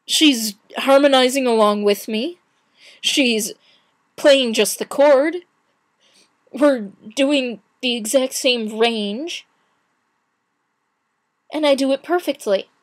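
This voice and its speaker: A young woman vlogger chats to camera in an unhurried, casual way, recounting her day with pauses and restarts. Her voice sits a little high, and she acts out other people's lines along the way.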